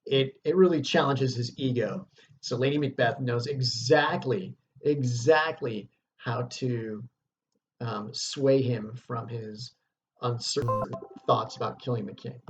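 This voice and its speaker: A man's voice: mid-range voice, slow, dull audio, background noise. A man teaching a lesson on a stage play, explaining scenes casually and reading passages aloud.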